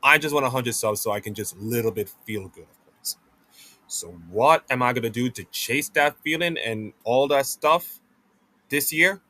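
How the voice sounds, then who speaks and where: A man's voice: mid-range voice, bright, forceful tone. A man in his late twenties, giving a rambling, casual update on his esports channel and often repeating "of course". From Jamaica. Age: 20s.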